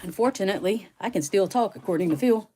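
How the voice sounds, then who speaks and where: A woman's voice: medium pitch, quick pace, mellow, breathy edge. Woman streamer, sniffly, chatty, talking to her phone in her bedroom. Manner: chatty, talks back to viewers by name. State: sniffling from sneezing. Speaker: live-stream host unboxing rocks. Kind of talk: casual live-stream chat with viewers. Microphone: phone on a stand.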